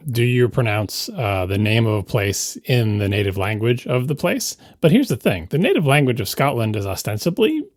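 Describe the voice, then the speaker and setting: Man on a podcast explaining stuff, real lively up-and-down voice, kinda pedantic. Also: medium pitch, normal speed, hardly any pauses, no room sound, clean studio sound. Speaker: podcast co-host. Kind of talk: casual chat.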